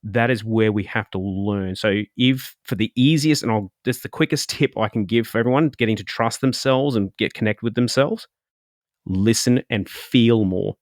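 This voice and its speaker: Guy with a lowish voice, guest on a podcast, chatty and animated, slips into little quoted voices, dry close sound. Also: moderate pace, no echo. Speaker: guest speaker. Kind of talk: casual explanatory talk.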